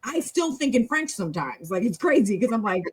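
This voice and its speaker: A woman with a husky, slightly breathy voice leads a relaxed practice session. She talks in a chatty, encouraging way, wandering off on tangents and circling back with restarts. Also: on the high side, fairly quick. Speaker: host leading a language practice session. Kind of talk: casual teaching talk.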